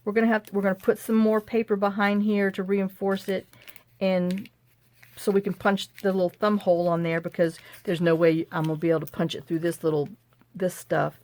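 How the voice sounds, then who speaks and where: Brisk and level, with a mid-range, slightly mellow voice, a middle-aged craft vlogger talks casually while she works. She glues and trims a project at home, addressing viewers in a folksy way and frequently talking to herself.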